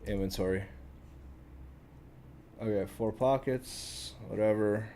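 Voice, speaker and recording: A man's voice: on the low side, steady tone, slow pace, warm tone, a little hiss or hum. Frustrated swearing gaming streamer, man. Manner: profane, swears a lot, frustrated muttering. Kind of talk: casual gaming commentary.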